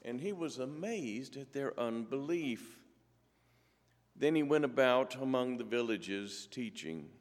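A man reading scripture and giving a church talk in a measured way with dry humor. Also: medium pitch, in a large hall. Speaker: lay church speaker.

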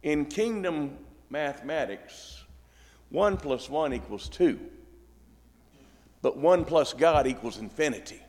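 A middle-aged man preaching a sermon, telling the story in a folksy way with acted asides. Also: a little high. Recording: long reverb in a large hall.

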